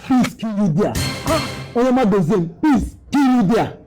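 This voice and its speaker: Brief: actor as a bitter twin, accusing, pitch leaps around, music behind. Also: lively intonation, a little slow, natural voice. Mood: defiant. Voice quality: defiant, accusing, threatening. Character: angry defiant young Nigerian twin son. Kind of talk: Nollywood drama acting. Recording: music under the dialogue.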